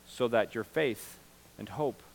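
A middle-aged male pastor preaching a sermon, swinging from loud, emphatic peaks to low, confiding asides. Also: takes it slowly, gravelly.

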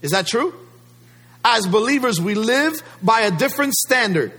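A man's voice: extremely high pitch, lively intonation, moderate pace, a bit bright. A male pastor preaching a sermon, emphatic and fond of rhetorical questions to the congregation.

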